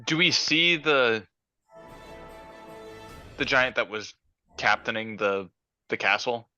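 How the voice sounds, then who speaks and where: Male player, slow easy speech, bright edgy voice, dull lo-fi mic. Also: mid-range voice, expressive, soft background music. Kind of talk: casual tabletop play.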